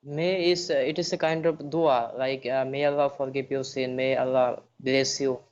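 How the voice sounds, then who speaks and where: A man's voice: medium pitch, steady tone, moderate pace, darkish tone, clean tone, dull audio. A man defending his view in a heated debate, hesitant and often stammering.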